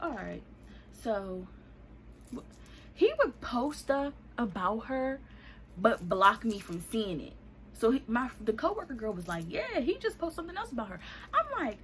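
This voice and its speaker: A woman's voice: fairly high pitch, a bit bright, slight background noise. A young woman, casually telling a storytime vlog and acting out the people in it with raised voices. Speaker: vlogger.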